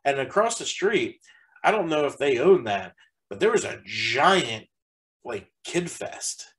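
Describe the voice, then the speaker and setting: A man chats casually as he reviews a haunted house, in a middle-pitched voice. He rambles along, stacking "like" and "um" between his thoughts, and laughs easily as he tells stories. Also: big pitch swings, unhurried, fairly bright tone, rough recording. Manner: rambling, heavy use of "like" fillers.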